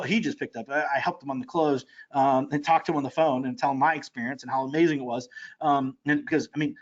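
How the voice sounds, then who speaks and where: Male course seller, high-pitched and rapid-fire, excitable sales pitch, dull lo-fi audio. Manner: excitable, fast-talking, with many fillers and restarts. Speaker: online marketing course seller.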